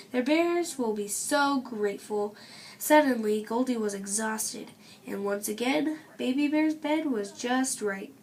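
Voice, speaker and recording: A woman reading a children's storybook aloud with expressive storytelling. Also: a little high, slight background noise. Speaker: reader.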